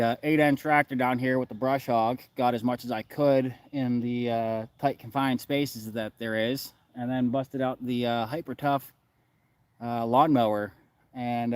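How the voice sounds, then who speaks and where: A man's voice: medium pitch, clean tone, no room sound. Laid-back man streaming from the woods. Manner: relaxed, many filler uhs. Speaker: livestreamer reading chat. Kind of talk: casual live-stream chat. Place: outdoors in the woods.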